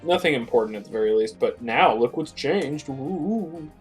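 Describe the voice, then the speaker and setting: An easygoing co-streamer with a middle-pitched voice chats casually and laughs often. The tone stays relaxed throughout, with faint game music in the background. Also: brisk. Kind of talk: casual let's-play chat.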